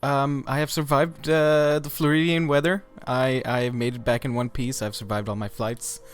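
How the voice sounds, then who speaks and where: A man's voice: mid-range voice, little pitch movement, moderate pace, smooth, soft background music. A man hosting a casual podcast chat, upbeat and often hesitant, with frequent ums and uhs. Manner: upbeat, hesitant with many fillers. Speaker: podcast host.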